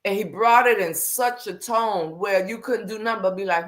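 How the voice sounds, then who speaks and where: A woman's voice: medium pitch, moderate pace. A woman hosting a faith livestream, talking candidly and bluntly with slang, greeting viewers as she goes. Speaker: livestream host.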